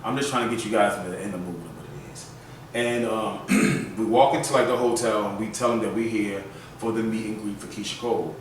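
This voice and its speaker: A man hosting a casual storytelling vlog, chatting in an animated and loose way full of fillers. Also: fairly low pitch, a little fast, slight background noise. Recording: very echoey room, mic at a distance.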